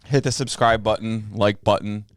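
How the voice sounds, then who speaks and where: A man co-hosting a casual podcast, rambling and joking with his friend. His voice sits low and comes through smooth and clear. The mic is close and the sound is dry. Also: fairly even intonation, moderate pace, no room sound. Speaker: podcast co-host. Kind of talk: casual chat.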